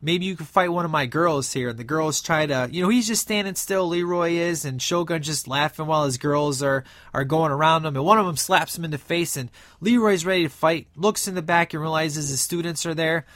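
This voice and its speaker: Male film fan, slightly high voice, rambling casual recap, dry close mic. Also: brisk, hardly any pauses, fairly bright tone, dry recording. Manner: enthusiastic, rambling, frequent fillers. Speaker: film reviewer.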